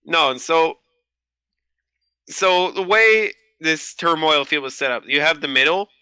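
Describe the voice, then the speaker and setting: Bright-voiced man telling stories with swearing. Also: fairly high pitch, a little slow, smooth, dry recording. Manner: animated storyteller, swears freely. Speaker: podcast guest. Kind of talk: casual chat.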